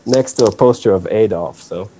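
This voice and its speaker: A man from Israel, a guest musician telling a casual, animated story full of swearing and acted-out quotes. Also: fairly low pitch, moderate pace, slight background noise.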